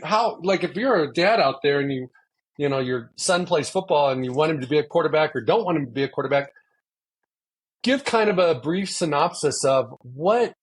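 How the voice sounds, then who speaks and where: Husky-voiced man hosting a podcast. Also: a little high. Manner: rambling, restarts questions. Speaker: podcast host. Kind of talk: casual podcast interview.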